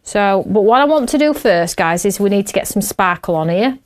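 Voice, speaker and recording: A woman's voice: mid-range voice, animated, fairly quick. A middle-aged woman, chatting and laughing as she hosts a craft show while she works. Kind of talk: casual chat while crafting.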